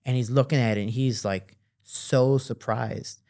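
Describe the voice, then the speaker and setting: A young man in a relaxed interview, a fighter telling stories with lots of energy. He speaks in a middle-range voice and slips into other voices when he quotes people. His pace is quick and chatty. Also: mid-range voice. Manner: animated, acts out voices in quoted dialogue. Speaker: guest, professional fighter. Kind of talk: casual storytelling.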